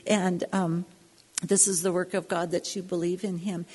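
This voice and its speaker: A woman teaching a Bible passage in an earnest, personal way, slowing down to stress her points. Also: lowish voice, level tone, darkish tone, slightly rough, in a large hall.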